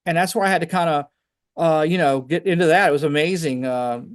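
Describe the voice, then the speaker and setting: A man telling personal faith stories on a video call, animated and chatty, often saying "man". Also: on the high side, a little fast. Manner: animated storytelling, fillers like "man". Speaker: guest speaker. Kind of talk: casual testimony on a video call.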